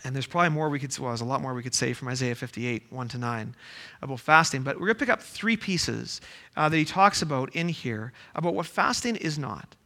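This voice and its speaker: A man's voice: medium pitch, animated, a little fast, bright, forceful tone. A man preaching a sermon, reading scripture aloud and then explaining it with rhetorical questions. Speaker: pastor.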